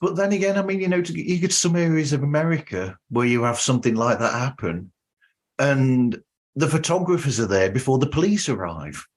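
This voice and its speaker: A man hosting a podcast, chatting casually and asking questions in a relaxed way. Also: mid-range voice, a little fast. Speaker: podcast host.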